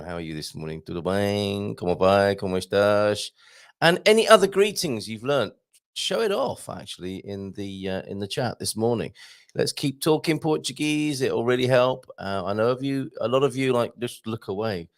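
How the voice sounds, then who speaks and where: A chatty man hosting a casual morning stream, his voice gravelly with a lot of fry. He jokes playfully and swings his pitch up and down as he talks to his viewers. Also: animated, moderate pace, fairly bright tone. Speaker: morning show host. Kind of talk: casual live-stream chat.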